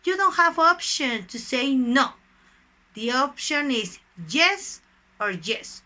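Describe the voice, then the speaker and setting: English teacher lady, talks real slow, bright forceful voice, keeps calling the class guys. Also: a little high. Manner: slow, deliberate, stresses single words. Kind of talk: recorded online English lesson.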